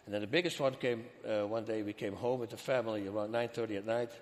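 Dutch man, interview guest, lively storyteller acting out quotes; long reverb on the voice. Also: on the low side, quick pace. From Netherlands. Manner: animated, acts out quoted dialogue.

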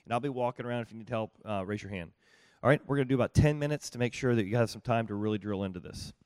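A man's voice: mid-range voice, racing, a little mellow, smooth, no echo. A man leading a live group workshop, talking conversationally and often repeating and restarting his phrases, with a dry, close sound. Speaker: workshop leader. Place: room with small groups at tables.

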